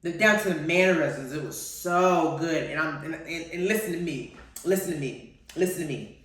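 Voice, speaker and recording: A woman hosting a live-streamed TV review chat, gushing and animated and calling her listeners honey and y'all. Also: low-pitched, normal speed. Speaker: host. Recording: very echoey room, far from the mic.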